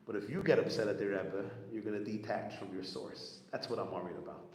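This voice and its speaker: A man giving a storytelling talk to a gathering, animated and repetitive, acting out the people he quotes. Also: lowish voice, brisk, hardly any pauses. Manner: animated storyteller, repeats phrases, acts out quotes. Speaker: rabbi speaking at a gathering. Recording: echoey hall with long reverb, faint room noise.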